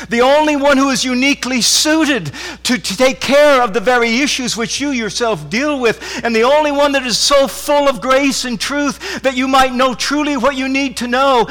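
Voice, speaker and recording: A high-pitched man preaching to his church congregation. He is fervent and repetitive, restarting words as he presses his points and dropping from loud declarations to near-hushed intensity. His voice rings with the long reverb of a large hall. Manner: fervent, repeats phrases, stammered restarts, swings from loud to hushed. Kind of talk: sermon.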